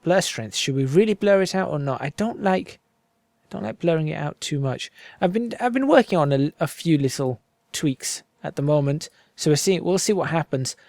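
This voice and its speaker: A man's voice: a little high, lively intonation, normal speed, gravelly, a little mellow, no room sound. A man chatting casually over his gameplay, rambling along and talking himself through each step as he goes. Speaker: gaming video creator. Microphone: home desk microphone.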